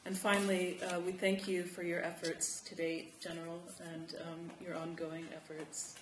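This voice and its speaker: A woman with a lowish voice reads out a group's recommendations at a public forum, earnest and emphatic, filling gaps with "um" and clearing her throat. Her voice echoes through a large hall, with faint room noise behind it. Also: monotone, normal speed. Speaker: community representative presenting recommendations.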